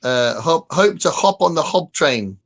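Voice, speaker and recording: Brief: man, podcast co-host, animated up-and-down delivery, chatty, quick to laugh. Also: on the high side. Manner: chatty, laughs often, reads chat comments aloud. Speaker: podcast co-host reading live chat. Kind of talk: casual chat.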